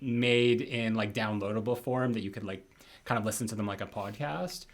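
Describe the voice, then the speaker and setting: A man's voice: on the low side, fairly even intonation, moderate pace. A man co-hosting a podcast, talking casually with many fillers and trailing sentences. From abroad from his co-host. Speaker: podcast co-host. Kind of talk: casual chat.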